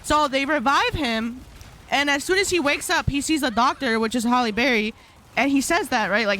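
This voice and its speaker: A young woman streamer talks her chat through a long, rambling story, full of slang and loose asides. Her voice sits a little high for a woman. A faint hiss runs under it. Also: normal speed, pushed and bright. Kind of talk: casual live-stream chat while gaming.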